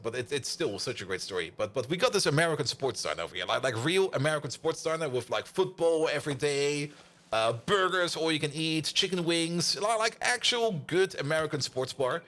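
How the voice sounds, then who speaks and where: A man's voice: a little high, bright, forceful tone. A man with a German accent chatting and laughing through a game stream. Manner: rambling, laughs often, talks to chat. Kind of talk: casual gaming commentary.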